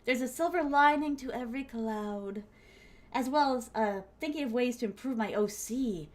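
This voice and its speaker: A woman's voice: fairly high pitch, moderate pace. Chatty, playful streamer woman. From Florida. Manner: playful, chatty, laughs often. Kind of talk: casual chat with viewers.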